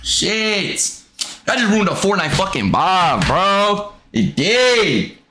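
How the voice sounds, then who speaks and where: A young man gives profane live commentary on his game, muttering at times and yelling at others. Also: high-pitched, very animated, slow pace. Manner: profane, swings from mutters to loud outbursts. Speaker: gamer streaming his play. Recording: echoey room with clear noise.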